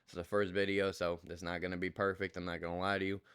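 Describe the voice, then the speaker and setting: Exasperated young man venting, smooth low voice. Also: flat delivery, fast, a bit bright. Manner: exasperated, repetitive, reassuring, colloquial. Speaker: customer service rep vlogger. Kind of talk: casual ranting monologue to camera.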